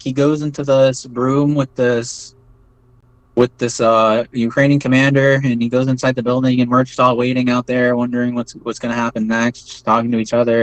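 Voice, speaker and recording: A man's voice: mid-range voice, dry recording, poor audio. Rambling man telling a war story. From United States. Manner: rambling, many fillers and tag questions. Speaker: veteran telling his story. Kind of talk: casual first-person storytelling.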